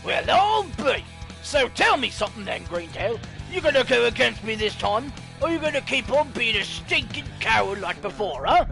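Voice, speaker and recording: A man's voice: very high-pitched, very animated, moderate pace, vocal fry, pushed and bright, voice pushed up, heavily acted. A man voicing a brash, jeering male rival leader in a made-up cockney accent, over game music. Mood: taunting. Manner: jeering, bellowing.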